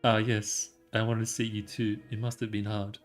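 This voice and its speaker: A steady male commander speaks softly and evenly, soothing and kind, as a man reads him out. His voice sits low and unhurried, like a game character's calm reassurance. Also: faint music behind, natural voice. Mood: gentle. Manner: soothing and measured. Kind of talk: reading game dialogue aloud.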